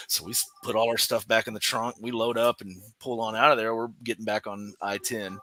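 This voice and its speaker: A man, a professional wrestler guest on a podcast, telling a story in an animated way, laughing often and restarting his sentences. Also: fairly low pitch, normal speed, no echo. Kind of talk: casual storytelling interview.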